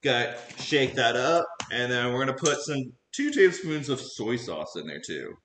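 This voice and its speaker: Man, casual cooking stream chatter, animated lively voice, echoey kitchen. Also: medium pitch, moderate pace, slight background noise. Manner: chatty, addresses chat directly, laughs often, goofy. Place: home kitchen.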